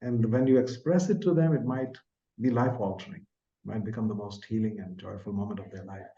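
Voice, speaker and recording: A man in his sixties from India, a podcast guest telling a personal story in an earnest, soft-spoken way that trails off at the ends of phrases. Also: fairly low pitch, fairly quick, highs cut off. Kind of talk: reflective storytelling in an interview.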